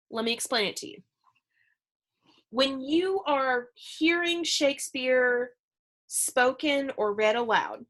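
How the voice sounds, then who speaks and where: A woman's voice: on the high side, fairly bright tone. A woman teaching a middle school English lesson in a chatty, conversational way, explaining with fillers and asides. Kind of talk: recorded remote lesson.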